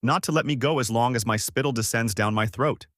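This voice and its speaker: A suffering man pours out his lament, solemn and measured, as a male reader voices him. The voice sits at an ordinary middle pitch. It is recorded dry and close, with no room sound. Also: fairly bright tone, no room sound, close to an everyday voice.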